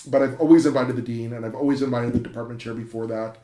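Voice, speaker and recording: A man's voice: mid-range voice, steady tone, quick pace, background noise. Man, professor, enthusiastic storyteller, lots of fillers, echoey room. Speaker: university professor. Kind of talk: interview conversation.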